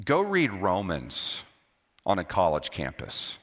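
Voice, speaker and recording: A male pastor preaching with a lower pitch and a bright, forceful edge. He hammers key phrases by repeating them and drops from loud to low for weight. The sound trails off in the long reverb of a church hall. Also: animated, measured pace. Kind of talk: sermon. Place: church sanctuary.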